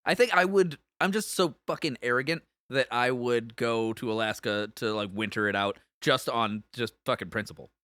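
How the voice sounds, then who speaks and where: A man's voice: mid-range voice, moderate pace, few pauses, fairly bright tone, dry recording. A man from Detroit co-hosting a podcast, chatty and full of fillers and swearing. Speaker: podcast co-host. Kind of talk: casual chat.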